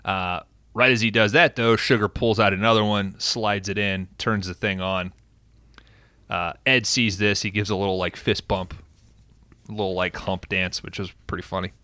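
Male podcast host, low and bright, animated profane storyteller, dry sound. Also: normal speed, dry recording. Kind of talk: casual film recap.

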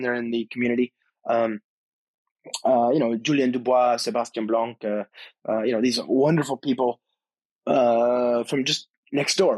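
Male podcast host, mid-pitched, very dry close sound, excitable and rambling, heavy on "you know" and "um.". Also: no room sound. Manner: enthusiastic, rambling with frequent fillers and restarts. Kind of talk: casual spoken monologue. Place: on location at a tech conference abroad.

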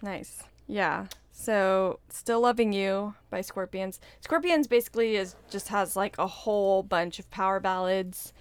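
Podcast co-host, female, smooth clear voice, relaxed and agreeable. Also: mid-range voice, no echo. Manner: relaxed, agreeable, quick back-channel replies. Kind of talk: casual chat.

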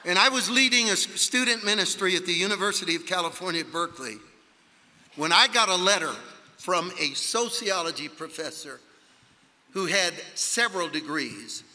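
A man preaching a sermon at a conference, telling a story emphatically and rising to shouts. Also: high-pitched, expressive, moderate pace. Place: large conference hall. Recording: long hall reverb.

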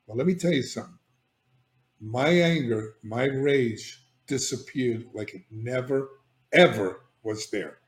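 A man's voice: mid-range voice, measured pace. Older man telling his story, echoey room. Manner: animated and emphatic, frequent restarts and "all right?" check-ins. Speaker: guest, addiction therapist. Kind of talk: candid personal storytelling.

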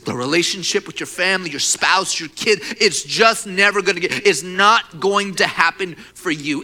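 Bright, impassioned young male pastor. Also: high voice, normal speed, hardly any pauses. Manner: impassioned, rising to near-shouts for emphasis. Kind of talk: sermon with prayer and personal story.

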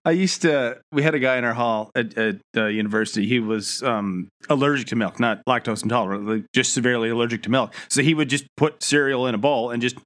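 A young adult man co-hosting a casual recap. He talks in an easygoing way, chuckles, and fills pauses with "uh." His voice is mid-pitched and ordinary. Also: fairly bright tone. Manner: easygoing, chuckling, hesitant fillers. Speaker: podcast co-host.

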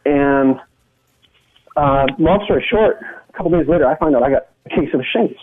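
A man's voice: a little high, normal speed. A middle-aged man from Canada, a guest giving an earnest personal testimony in conversation and retelling it with frequent restarts. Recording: tinny phone-line sound.

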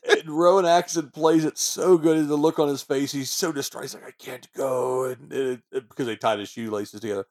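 A man's voice: a little high, fairly even intonation, fairly quick, hardly any pauses, darkish tone. Enthusiastic man retelling film scenes. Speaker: podcast co-host. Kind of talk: casual chat about a movie.

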